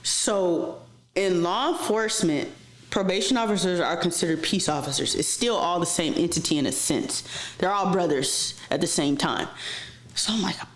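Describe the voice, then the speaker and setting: A woman with a lowish voice tells wild personal stories as a podcast guest, cursing freely and acting out what other people said. The talk is loose and animated, and an echoey room rings around her. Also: normal speed. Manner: profane, animated, acts out quoted voices. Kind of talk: casual storytelling interview.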